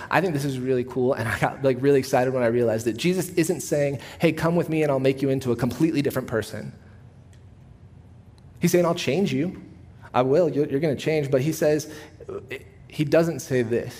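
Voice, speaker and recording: A man's voice: mid-range voice, a little mellow. Man, pastor, conversational sermon, joking storytelling, long church-hall reverb. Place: church auditorium.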